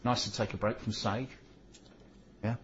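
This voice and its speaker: A man's voice: fairly low pitch, little pitch movement, normal speed, a bit bright. Man, radio co-host, casual banter, reads out messages, muffled lo-fi sound, light hiss. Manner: chatty, jokey, reads messages aloud with frequent fillers. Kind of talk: casual radio chat reading listener tweets. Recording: dull lo-fi sound with faint noise.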